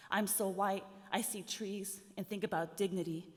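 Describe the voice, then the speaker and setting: A woman's voice: mid-range voice, steady tone, normal speed, darkish tone. A woman poet giving a live reading of her work, with a rhythmic, sardonic delivery that builds in intensity. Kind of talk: poetry reading to a live audience. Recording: long hall reverb.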